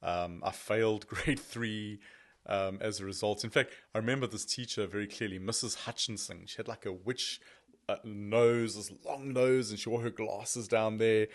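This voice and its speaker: A man who is a podcast guest, telling his personal testimony as an animated, self-deprecating storyteller. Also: fairly low pitch, moderate pace.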